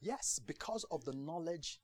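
A man preaching a conversational sermon to a congregation, lively and chatty, acting out the voices he quotes and often asking if they understand. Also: fairly high pitch, measured pace, breathy edge. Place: church gathering in the UK.

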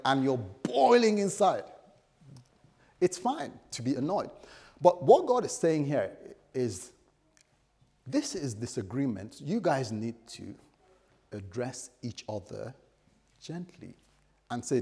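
A man's voice: on the high side, sing-song, unhurried, a little mellow, slightly rough. Playful, chatty male preacher. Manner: conversational, playful, acts out little scenes. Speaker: pastor. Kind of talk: sermon.

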